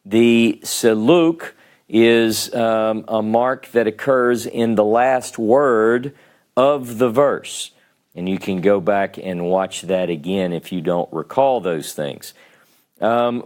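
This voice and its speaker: A man teaching a classroom lecture on grammar, speaking in a measured way with frequent pauses and ums. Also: on the low side, animated. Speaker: Hebrew teacher.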